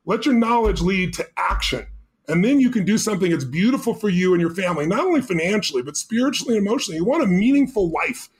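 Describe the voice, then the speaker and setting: A man's voice: sits high, expressive, quick pace. A man as a podcast guest, telling a motivational story with emphatic, urgent punch.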